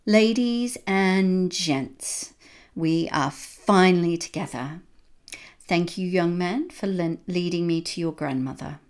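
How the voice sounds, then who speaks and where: A woman's voice: on the low side, takes it slowly, clean tone. A woman reading a storybook aloud and voicing a sly, mocking male villain who taunts in a sing-song way. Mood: gloating.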